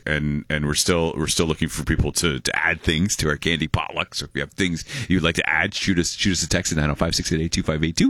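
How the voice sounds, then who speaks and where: A man hosts a casual call-in radio show from a studio mic, his voice very low yet lively and swooping. He sounds bright and forward, rambling and joking as he reads listener texts. The recording is close and dry. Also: no room sound. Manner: rambling, jokey, stumbles and repeats words, laughs often. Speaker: radio host.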